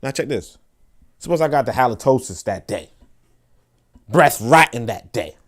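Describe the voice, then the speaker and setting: A man hosting a podcast, talking in an animated, casual way with frequent restarts and asides to listeners. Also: medium pitch, moderate pace. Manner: laughs and asks listeners for agreement. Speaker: podcast host. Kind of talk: casual monologue.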